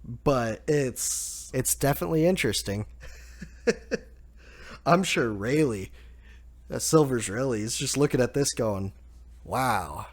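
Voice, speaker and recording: A man hosting a casual chapter review, relaxed, laughing often and saying "like" a lot. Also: medium pitch. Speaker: manga review host.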